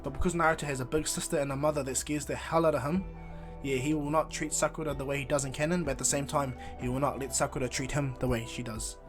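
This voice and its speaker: A man's voice: medium pitch, fairly even intonation, fast talker, over music. A man casually retelling a fan story, rambling with restarts.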